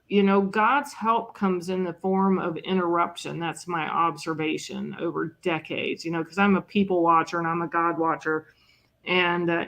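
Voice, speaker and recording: Chatty older woman with a creaky voice. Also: fairly low pitch, a bit bright. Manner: chatty and self-mocking, with frequent "you know" and quick laughs. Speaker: podcast guest in recovery. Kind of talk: conversational storytelling.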